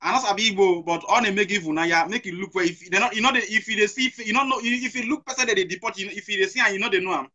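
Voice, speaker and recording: A middle-aged Nigerian man hosts a heated talk show, his voice pitched high with a bright edge. He hammers his points home, repeats his questions and drops into Pidgin. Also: very fast, hardly any pauses, dull audio. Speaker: host. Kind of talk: impassioned talk show discussion.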